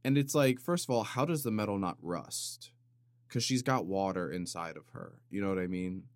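A man hosting a comedic solo podcast, rambling in a deadpan way with sudden loud bursts and some vocal fry. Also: deep voice, normal speed, no room sound, studio quality. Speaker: podcast host. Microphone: studio microphone.

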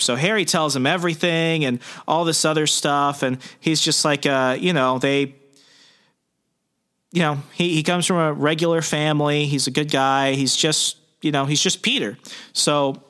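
Bright-voiced man recapping comics. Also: on the high side, fairly even intonation, moderate pace, smooth. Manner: rambling, lots of fillers, earnest. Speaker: podcast co-host.

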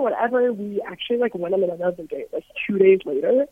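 Calling in to a radio show from abroad, a bubbly young adult woman chats casually and says "like" constantly. Her medium-pitched voice moves a little fast, and the phone recording sounds dry and dull.

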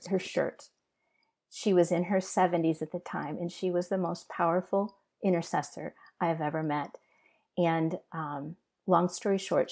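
Earnest low woman with a gravelly voice. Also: darkish tone. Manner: earnest, halting with restarts. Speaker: interview guest. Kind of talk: emotional personal testimony.

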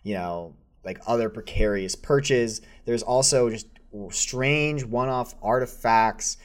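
A man's voice: mid-range voice, takes it slowly. A man running a tabletop game as game master, describing scenes in a casual, rambling way with many fillers.

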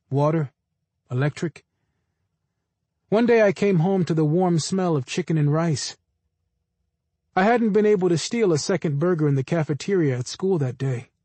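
A man reading a story aloud as an audiobook narrator, in measured, unhurried scripted narration. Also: fairly high pitch, dark tone, no echo.

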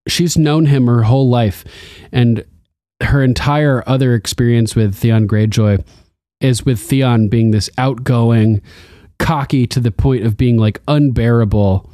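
Chatty young man recapping, mellow voice. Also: measured pace, no room sound, studio quality. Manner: rambling, laughs often, acts out quotes in a higher voice. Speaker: podcast co-host. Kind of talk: casual chat recapping a TV episode.

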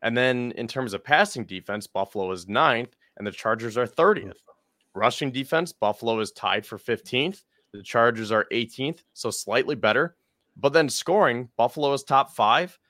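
A man's voice: medium pitch, expressive, moderate pace, bright, forceful tone, no echo. A man co-hosting a sports podcast, rambling a bit as he reads off team stats. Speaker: podcast co-host. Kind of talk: casual sports podcast chat.

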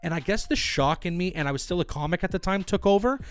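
Animated, swearing young man. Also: high voice, fast, smooth. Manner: animated storyteller, swears freely, acts out quotes. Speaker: podcast co-host. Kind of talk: casual chat.

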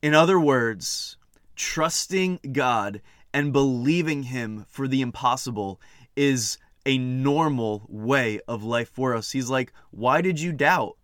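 A man's voice: mid-range voice, slow pace, fairly bright tone, clean tone, dry recording, clean studio sound. A man preaching a sermon in an earnest way, repeating phrases to build emphasis.

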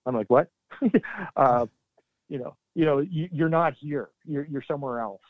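A middle-aged man, a military veteran, telling his story in an earnest, halting way with sudden emphatic bursts. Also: fairly high pitch, dry recording. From Canada. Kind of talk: candid interview storytelling. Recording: dry, tinny phone-like line.

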